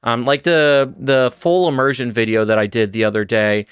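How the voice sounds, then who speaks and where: A man's voice: mid-range voice, steady tone, moderate pace, clear, resonant tone, no room sound. A man who is a native English speaker, teaching Spanish on a casual livestream, rambling and often restarting his sentences. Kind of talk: livestream lesson.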